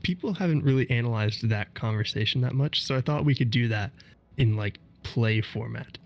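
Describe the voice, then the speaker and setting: A man's voice: medium pitch, moderate pace. A man co-hosting a podcast, explaining game mechanics step by step in casual chat. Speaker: podcast co-host.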